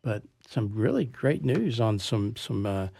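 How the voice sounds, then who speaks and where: A man's voice: lowish voice, big pitch swings, unhurried, vocal fry, warm tone. A man hosting a casual sports talk show, rambling with many restarts. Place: studio.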